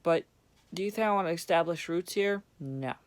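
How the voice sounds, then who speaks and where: Profane ranting young man, smooth voice. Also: a little high, moderate pace. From Vermont, USA. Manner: profane, blunt, sarcastic. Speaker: vlogger. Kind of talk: angry ranting monologue.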